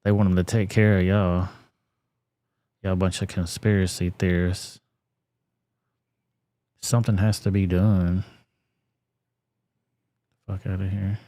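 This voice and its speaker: A man's voice: deep voice, flat delivery, slow pace, pauses often, warm tone, no echo, clean studio sound. A man hosting a live stream and commenting on clips in a blunt, profane, laid-back way.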